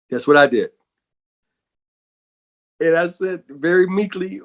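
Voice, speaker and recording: A middle-aged man, a bassist, telling stories in a casual interview, animated and often repeating words as he goes. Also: takes it slowly, long pauses. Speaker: bassist and guest.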